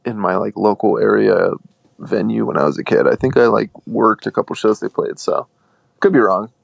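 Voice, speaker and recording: A young man talking casually about music, laid-back and quick to laugh. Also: lowish voice, vocal fry, dry recording. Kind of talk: casual chat.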